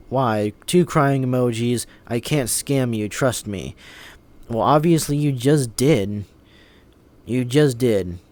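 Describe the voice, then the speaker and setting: A man's voice: medium pitch, a little mellow. Indignant young man ranting. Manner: indignant, swearing, many fillers and restarts. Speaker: vlogger. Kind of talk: angry storytime rant.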